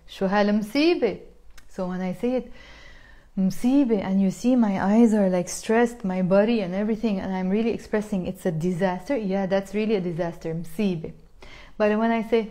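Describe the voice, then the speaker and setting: A Lebanese woman teaching spoken Arabic in a live online lesson, reading out student comments, with frequent laughter and lively, expressive phrasing. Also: medium pitch.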